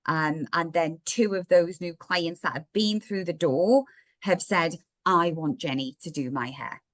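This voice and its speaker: A woman with a slightly croaky voice, chatting through a software demo step by step in a live online workshop. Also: lowish voice, unhurried, no echo. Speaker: software trainer.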